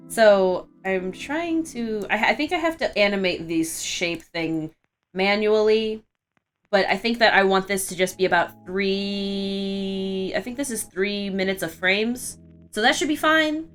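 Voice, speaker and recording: A young woman streamer chatting casually while she works, with a bright, clear voice at a middle pitch. She rambles and restarts often, with faint music playing behind her. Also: slow. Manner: rambling, with frequent restarts and fillers. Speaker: art streamer. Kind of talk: casual live stream chat.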